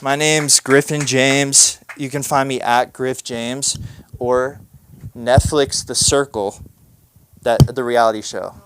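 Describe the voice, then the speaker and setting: A man's voice: medium pitch, fairly even intonation, slow pace, noisy background. A man performing a rambling, self-deprecating stand-up set on a comedy club stage, with lots of fillers.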